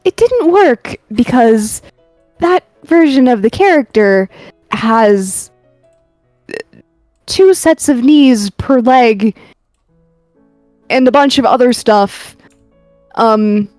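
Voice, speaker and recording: A woman streamer speaks slowly and rambles in a relaxed way, with a few ums and casual swearing. Her voice is close and dry. Faint music plays underneath. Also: fairly high pitch, no echo. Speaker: streamer, artist. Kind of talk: casual chat while drawing.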